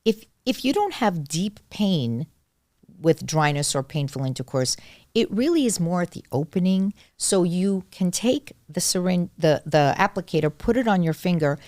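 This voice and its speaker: A woman's voice: fairly low pitch, lively intonation, moderate pace, a little mellow, dry recording, clean studio sound. A middle-aged woman doctor explaining treatment in a casual conversation, emphatic and repeating her key points. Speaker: gynecologist guest.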